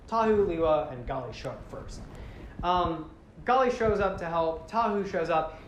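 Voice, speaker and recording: A man casually recapping a story, rambling with lots of fillers and correcting himself as he goes. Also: on the high side. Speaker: show host. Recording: roomy with faint background noise.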